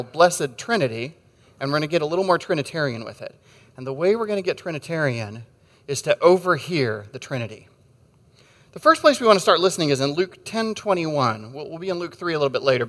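In a large hall, a man with a fairly high-pitched, fairly bright voice preaches a sermon. His delivery is conversational and wry, full of stories, jokes and asides.

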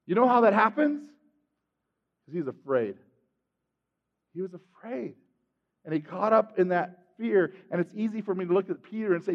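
A man preaching a sermon, telling the story with animated swings between loud and hushed delivery. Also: high voice, brisk. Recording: dull sound with long hall reverb.

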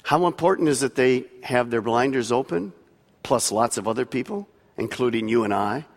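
Animated male preacher in a reverberant hall. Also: medium pitch, normal speed. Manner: emphatic preaching, swelling and dropping. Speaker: pastor. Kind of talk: sermon. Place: large church hall.

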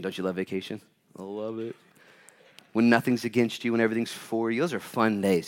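A man preaching a sermon as pastor to a live audience, swinging between loud urgent bursts and hushed quiet lines. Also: lowish voice.

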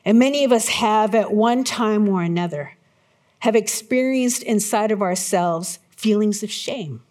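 A middle-aged woman preaching a sermon to her church, telling a personal story with lively, acted-out moments. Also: medium pitch, a little slow. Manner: animated storyteller, acts out her own panic in shouts. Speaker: pastor.

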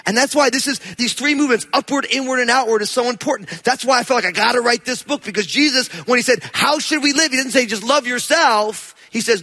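A pastor from New Jersey with a high, bright, ringing voice. He talks to the congregation in a loose, chatty way, then swells into loud, emphatic preaching. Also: fast talker, few pauses. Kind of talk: sermon.

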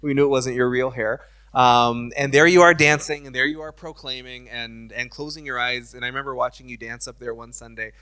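A man's voice: mid-range voice, steady tone, a little fast, sharp tone. A man pastor interviewing a church member during a service, speaking in a conversational, affirming preaching manner.

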